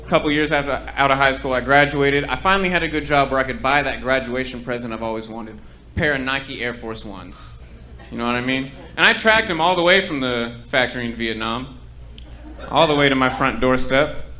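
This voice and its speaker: A young man doing a stand-up set in a comedy club, with dry deadpan setups and ironic punchlines into a stage mic. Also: medium pitch.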